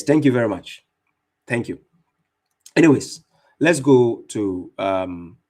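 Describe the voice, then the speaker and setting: A man's voice: mid-range voice, a little mellow. Fierce mocking male religious debater. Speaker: Islamic debater and streamer. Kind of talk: combative religious commentary.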